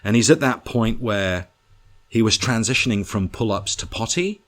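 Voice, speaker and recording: Low-voiced man spinning comic yarns. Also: normal speed. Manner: animated, profane, comic storytelling. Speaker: guest storyteller. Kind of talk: casual anecdote telling.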